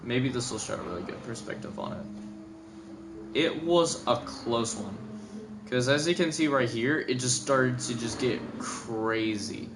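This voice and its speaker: A man's voice: medium pitch, background noise. Sleepy young man commenting a race replay. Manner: rambling, filler-heavy, self-correcting. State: sleepy, yawning. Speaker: gaming video commentator. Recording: gameplay music behind.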